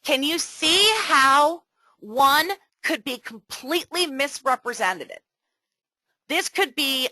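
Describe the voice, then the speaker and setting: A middle-aged woman coaching a webinar in a chatty, animated way with many fillers. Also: high voice, slow pace, no echo, low-quality recording. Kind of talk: casual webinar teaching.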